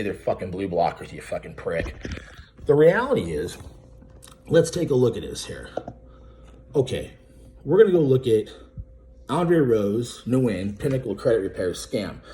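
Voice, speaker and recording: A man's voice: mid-range voice, a little mellow. A man ranting straight to camera in a profane, confrontational, mocking way, calling out someone by name. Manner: addresses the target directly by name. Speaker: YouTuber calling out a credit repair business. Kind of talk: angry direct-to-camera vlog rant.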